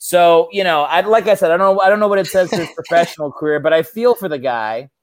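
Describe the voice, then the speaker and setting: A man's voice: on the high side, fast, dry recording. A young man, a comedian guest, bantering casually on a podcast with crude joking asides.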